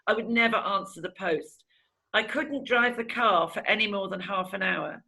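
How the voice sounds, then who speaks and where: Middle-aged woman, bright forceful voice, frank emotional testimony, mimics people she quotes. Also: medium pitch, moderate pace, creaky, low-quality recording. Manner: candid and animated, acts out past conversations. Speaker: interviewee giving a testimonial.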